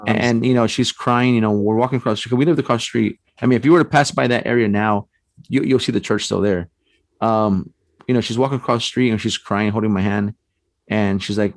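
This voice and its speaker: A man's voice: lowish voice, steady tone, brisk, dry recording. A man, a guest on a podcast, casually telling a long personal story, rambling with many fillers like "you know" and "like". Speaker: podcast guest, paranormal investigator.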